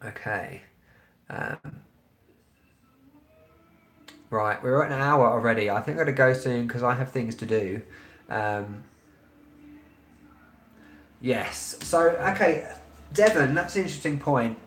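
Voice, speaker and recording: A man's voice: mid-range voice, lively intonation, takes it slowly, long pauses, a bit bright. Rambling London man in an echoey room. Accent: London English. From England. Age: 30s. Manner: rambling and blunt, heavy with ums. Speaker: travel vlogger hosting a live stream. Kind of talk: casual live-stream chat.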